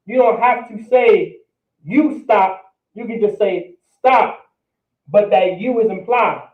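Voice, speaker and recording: A man with a high voice teaches a class, repeating each word and asking "all right?" as he goes. He sounds distant in an echoey room. The sound is thin and phone-like. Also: slow pace. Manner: repetitive, checks in with "all right?". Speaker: language teacher. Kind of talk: classroom language lesson.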